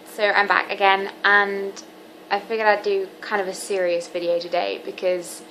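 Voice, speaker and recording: A teenage girl speaks earnestly to her camera, confiding in a halting way with plenty of ums. Her voice sits at an ordinary mid pitch. A faint hiss of background noise runs underneath. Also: monotone, bright, forceful tone, low-quality recording. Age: teens. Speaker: vlogger. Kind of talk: candid personal vlog.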